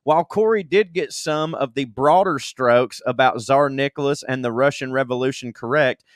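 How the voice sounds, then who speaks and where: A man's voice: medium pitch, moderate pace, no echo, studio quality. A self-deprecating man co-hosting a comedy podcast, reading listener emails aloud with laughs and comic asides. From Southern United States. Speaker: podcast co-host.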